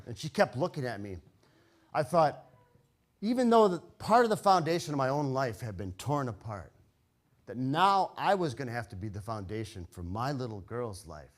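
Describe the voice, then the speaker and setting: An older man telling a comic, personal story live on stage, wry and halting, with frequent restarts. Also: mid-range voice.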